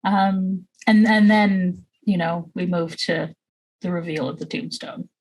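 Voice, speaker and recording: A woman co-hosting a podcast, chatting in a relaxed way and laughing often. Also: lowish voice, a little slow, rough recording. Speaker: podcast co-host. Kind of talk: casual podcast chat.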